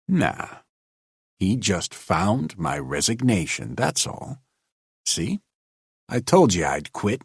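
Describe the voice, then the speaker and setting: Man doing a weary old ham, quiet and sour, slow and deep. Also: sing-song, creaky, husky, no room sound, clean studio sound, exaggerated voice. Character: gloomy old ham actor turned janitor.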